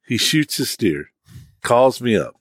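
A man's voice: mid-range voice, sing-song, slow, no room sound, studio quality. A man on a hunting podcast who chimes in with short agreements and folksy, laughing retellings. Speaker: podcast co-host. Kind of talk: casual chat.

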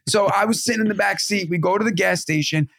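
Man in his thirties, high-pitched, gravelly, dry close sound, animated storytelling. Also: fast talker, no echo. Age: 30s. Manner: animated, swearing, acts out family voices. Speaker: podcast co-host. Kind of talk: casual storytelling chat.

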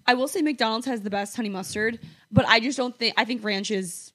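Chatty woman co-host, slightly high voice; loose, rambling casual talk. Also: brisk, a bit bright. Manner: chatty, trails off and restarts. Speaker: podcast co-host. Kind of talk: casual chat. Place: apartment.

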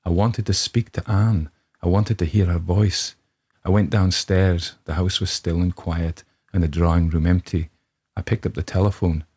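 A man's voice: low voice, fairly even intonation, moderate pace, a little mellow, breathy edge. A man reading a ghost story aloud as a grave first-person narrator, putting on a Scottish accent. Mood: sombre. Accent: put-on Scottish. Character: brooding Scottish man telling his tale.

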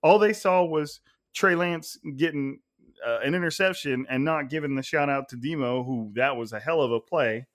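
Emphatic, profane man, pitched a little high. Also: moderate pace, a bit bright. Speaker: sports podcast co-host. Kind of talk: casual chat.

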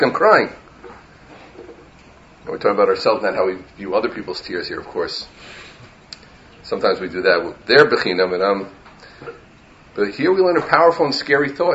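A man's voice: on the low side, fairly bright tone, muffled recording, a little hiss or hum. A man, a rabbi, giving an impassioned Torah lecture that mixes in Hebrew terms and rises to emphatic peaks.

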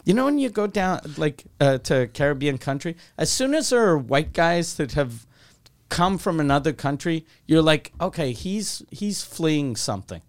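A man from Quebec, a comedian telling stories in casual chat, animated and profane. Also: a little high, normal speed.

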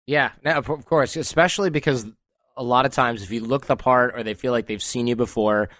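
A man's voice: medium pitch, fairly even intonation, fairly quick, a bit bright, no room sound. A man hosting a casual podcast conversation, chatty and storytelling, laughing easily. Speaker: host.

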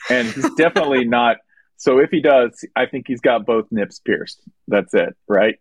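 A man's voice: medium pitch, normal speed, breathy edge, dry recording. A man hosting a motorsport podcast, chatting casually and joking as he reads out listener questions. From United States. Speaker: podcast host. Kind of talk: casual chat.

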